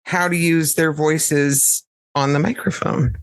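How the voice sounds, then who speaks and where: A woman's voice: low-pitched, steady tone, slow pace, no room sound. A woman podcast host interviewing a guest, a supportive listener who answers with short affirmations. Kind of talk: casual interview chat.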